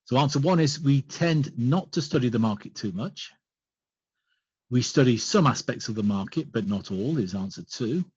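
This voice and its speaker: A man presenting a business webinar, explaining points in a measured way and listing them one by one. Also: mid-range voice, animated, darkish tone, breathy edge, no echo. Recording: dull lo-fi online call audio.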